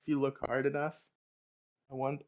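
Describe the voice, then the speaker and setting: A man co-hosting a podcast, his voice sitting at an everyday middle pitch. He talks in loose, rambling riffs, profane and animated, like a casual chat among friends. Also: fairly quick. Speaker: podcast co-host.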